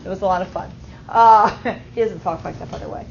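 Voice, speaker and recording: A woman's voice: medium pitch, a little fast, gravelly, a little hiss or hum. A woman teaching a chemistry class, explaining step by step and often checking in with the students. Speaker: high school chemistry teacher. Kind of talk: classroom lecture. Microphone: auto-tracking camera mic. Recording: slightly muffled classroom recording.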